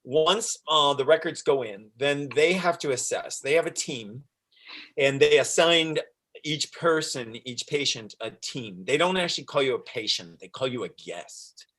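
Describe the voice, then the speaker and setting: A man's voice: medium pitch, expressive, a little slow, fairly bright tone. A man recounting his experience as an interview guest, telling it animatedly, acting out the dialogue and laughing often. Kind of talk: casual storytelling interview.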